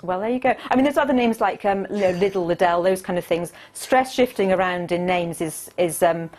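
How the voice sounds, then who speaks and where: Woman expert on a studio link, calm careful explainer. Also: mid-range voice. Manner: measured, explanatory. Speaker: pronunciation expert guest. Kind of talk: remote studio interview. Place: remote studio.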